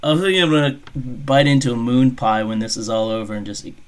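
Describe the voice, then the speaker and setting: Speaking into a desk microphone, a male podcast co-host trades crude comedic banter in a mid-range voice, talking a little fast. He's crass and jokey, often breaking into laughter at his own jokes.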